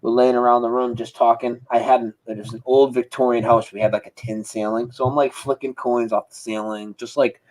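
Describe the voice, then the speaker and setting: A man as an interview guest, telling a story in a casual, animated way over a video call. He acts out sounds and swears freely. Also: medium pitch, brisk, hardly any pauses, poor audio.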